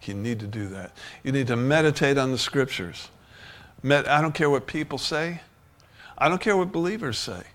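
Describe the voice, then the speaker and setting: A man's voice: mid-range voice, moderate pace, fairly bright tone. A male pastor preaching a sermon in a conversational way, often restarting sentences and chuckling.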